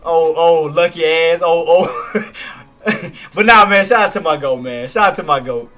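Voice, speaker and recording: A man hosting a live trading stream, hyped and slangy, shouting and laughing between chart calls. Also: fairly high pitch, unhurried, faint music behind.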